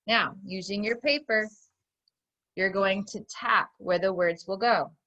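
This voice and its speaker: A woman teaching a recorded phonics lesson to young children, patiently guiding them step by step and slowly sounding out each sentence. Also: mid-range voice, animated, sharp tone. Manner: slow, clearly sounding out dictated sentences.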